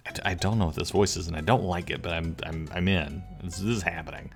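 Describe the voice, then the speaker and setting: A man's voice: sits low, fairly even intonation, quick pace, gravelly, hardly any pauses, soft background music. A man casually commenting on a game he streams, joking and chatting with viewers. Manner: joking, chatty, laughs at himself.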